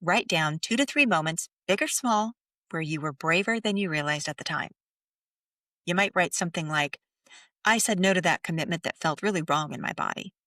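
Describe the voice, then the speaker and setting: A middle-aged woman hosting a podcast, speaking softly and slowly as she leads a gentle guided reflection, sometimes near a whisper. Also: lowish voice, no echo, clean studio sound, distant mic. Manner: soft, slow and soothing, drops to near whispers. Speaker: podcast host.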